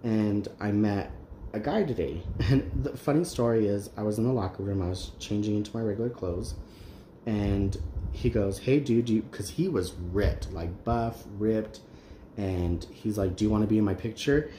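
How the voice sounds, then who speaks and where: A man's voice: lowish voice, a little slow, dark tone. A man hosting a crafting channel, chatting casually and candidly while he works, with many ums and restarts. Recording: roomy echo, faint background noise.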